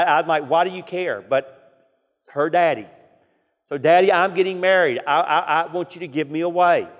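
A middle-aged man preaching a sermon through a personal story. He is emphatic and drops to a hush to press a point. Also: on the high side. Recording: hall reverb.

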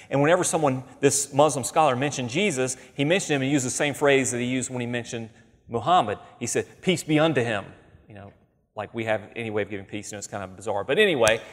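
Man preaching in a reverberant hall. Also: mid-range voice. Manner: conversational, emphatic, reads scripture aloud. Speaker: pastor. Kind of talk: sermon teaching.

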